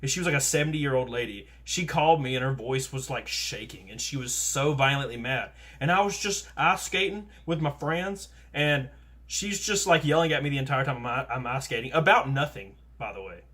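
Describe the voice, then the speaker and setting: A man in his thirties hosting a casual podcast chat, telling stories lively and acting out the people he quotes. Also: mid-range voice, brisk, slightly rough. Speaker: podcast host.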